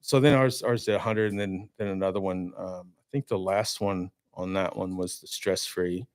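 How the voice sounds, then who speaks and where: A man telling a story as a podcast guest in a studio, animated and talkative, acting out his own reactions. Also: low-pitched, moderate pace, no room sound. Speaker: guest, marine winch maker. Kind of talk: casual studio podcast chat.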